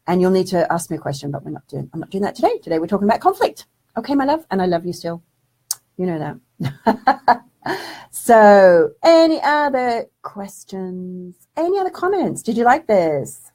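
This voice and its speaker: A woman's voice: mid-range voice, very animated, fast talker, darkish tone, breathy edge. A woman hosting a casual live stream, reading out viewer comments in a chatty, affectionate way and calling viewers darling. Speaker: spiritual development teacher hosting a live stream.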